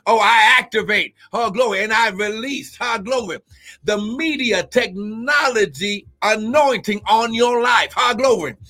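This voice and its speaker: High-voiced man preaching with shouts. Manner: shouting exclamations and drawn-out repetitions. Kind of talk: charismatic prophetic preaching. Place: church service, live.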